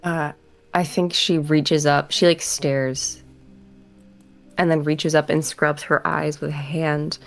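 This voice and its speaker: A woman with a low, gravelly voice narrating her character's moves in a tabletop game. She pauses often and fills the gaps with ums. Soft music plays faintly behind her. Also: flat delivery. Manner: hesitant, many ums. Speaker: player.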